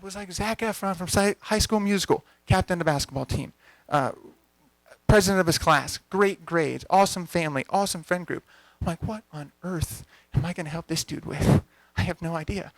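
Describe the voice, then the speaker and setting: Young male coach, lively storyteller who voices the people in his story; slightly high voice, dry recording. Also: moderate pace, no echo. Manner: energetic, conversational, acts out dialogue. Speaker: coach giving a talk. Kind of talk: storytelling talk to a live audience. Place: event venue.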